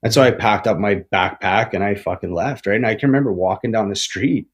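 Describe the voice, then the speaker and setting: A man's voice: on the low side, a little fast. Rambling, foul-mouthed man telling his story. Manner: heavy swearing, tags lines with "right?" and "man"; rambling with frequent restarts. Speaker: podcast guest. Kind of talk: candid recovery storytelling.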